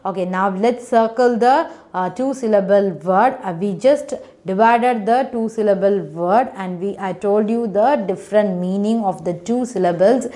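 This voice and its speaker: A woman's voice: medium pitch, normal speed, few pauses, warm tone. Patient woman teaching phonics. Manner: patient, repetitive teacher talk, sounding out letters, frequent "okay". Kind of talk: online class teaching.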